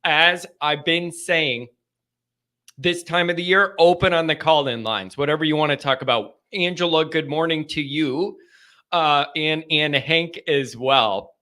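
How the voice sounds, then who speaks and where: A man hosting a live sports call-in show, talking casually, excitable and rambling, often laughing. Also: fairly high pitch, a little slow.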